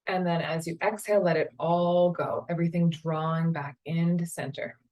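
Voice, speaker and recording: A woman yoga teacher leading a guided meditation in a slow, calm, soothing way. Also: on the low side, rough recording. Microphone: camera mic, seated on a chair.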